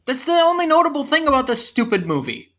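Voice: high-pitched, big pitch swings, quick pace, a bit bright. A podcast co-host in a casual movie review chat, talking with a sarcastic, dismissive edge.

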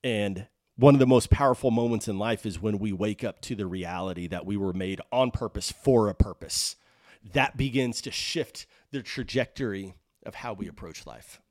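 A man's voice: on the low side, a little mellow, dry recording, clean studio sound. A man hosting a leadership podcast, giving an earnest, faith-based motivational talk. He speaks emphatically, building through chains of rhetorical questions. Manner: reads scripture aloud in a measured cadence.

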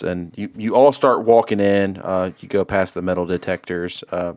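Low-voiced guy running a tabletop game, slow, hesitant, dry close sound. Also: fairly even intonation, a little mellow, no echo. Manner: hesitant, lots of fillers. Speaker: game master.

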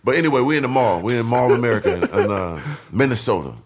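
A man co-hosting a podcast, telling stories in an animated, slangy, profane way. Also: medium pitch, rapid-fire. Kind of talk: casual chat, storytelling.

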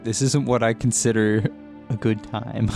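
Male player with a gravelly edge, casual joking asides. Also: fairly low pitch, flat delivery, measured pace, darkish tone, soft background music. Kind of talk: casual tabletop play.

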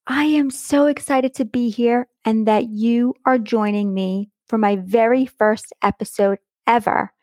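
A woman's voice: on the high side, steady tone, a little slow, few pauses, a little mellow, no room sound, clean studio sound. A middle-aged woman hosting her own podcast, talking in an enthusiastic, affectionate way and stretching words for emphasis. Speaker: podcast host. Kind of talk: warm motivational podcast monologue.

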